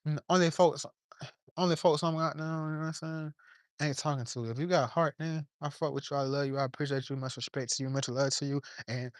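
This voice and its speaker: A man's voice: fairly high pitch, steady tone, fairly quick, no room sound, studio quality. A man giving an impassioned, profane monologue to camera from his yard, preaching in plain street talk while a little under the weather. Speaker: vlogger.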